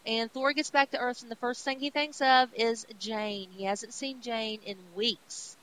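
A woman's voice: fairly high pitch, a little slow, low-quality recording. Chatty woman podcast host. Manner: chatty, animated storytelling. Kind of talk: casual retelling of comic books.

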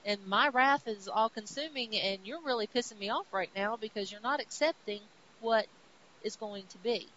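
A woman playing a stern old god-king who hands down lofty decrees in a highish voice and then lapses into everyday talk. The recording sounds a little dull, with a faint hiss underneath. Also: moderate pace, fairly bright tone, close to an everyday voice. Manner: pronouncing decrees, then turning casual. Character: grand old male king of gods, stern.

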